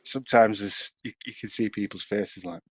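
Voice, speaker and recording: A man's voice: fairly low pitch, fairly even intonation, normal speed, breathy edge, no room sound. Rambling Yorkshire man, dry dull sound. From Yorkshire, England. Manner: rambling, many restarts, swears, laughs often. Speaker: podcast co-host. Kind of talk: casual storytelling chat.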